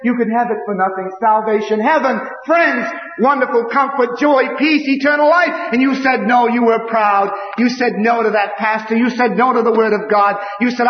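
A preacher delivers a fiery, emphatic sermon full of repetition, in a voice pitched notably high for a man. He was recorded in a large, reverberant hall. The sound is dull and lo-fi. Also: moderate pace, hardly any pauses.

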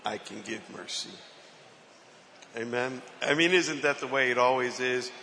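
A man preaches in a loose, conversational way, tossing questions out to the people in front of him. His voice is gravelly but bright, and he talks slowly. The sound rings with a long hall reverb, with faint room ambience underneath. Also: mid-range voice, a little hiss or hum. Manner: questions the congregation, playful. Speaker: preacher on a panel. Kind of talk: conversational sermon.

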